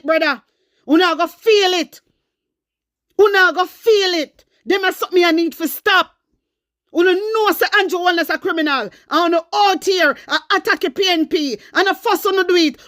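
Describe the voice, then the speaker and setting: A Jamaican woman runs her political commentary vlog in an emphatic, driving way, hammering her points home by saying them again and again. Her voice sits high, and the recording is dry and close with no room sound. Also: a bit bright, dry recording. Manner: emphatic, repeats phrases for stress. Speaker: political vlogger.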